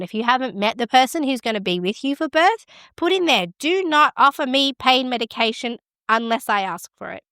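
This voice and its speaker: A woman's voice: mid-range voice, fairly bright tone, dry recording, clean studio sound. A middle-aged woman hosting a midwifery podcast, giving frank, encouraging advice in a conversational way. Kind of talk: casual advice talk.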